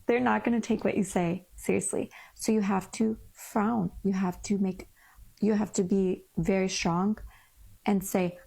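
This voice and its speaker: A woman's voice: medium pitch, fairly even intonation, measured pace, gravelly, mellow, husky. A young woman telling a candid vlog story in a frank, rambling, exasperated way. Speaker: vlogger.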